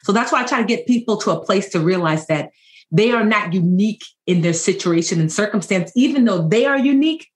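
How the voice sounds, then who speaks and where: A woman in her forties, a financial educator and podcast guest, telling stories in a lively, joking way. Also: medium pitch, fairly quick. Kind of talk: conversational podcast interview.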